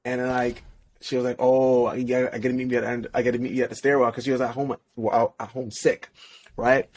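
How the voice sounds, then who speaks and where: Speaking quickly with a level, somewhat dark medium-pitched voice, this young man is a relationship coach appearing as a podcast guest. He shares a personal story in slangy, casual language, frequently laughing and starting sentences over.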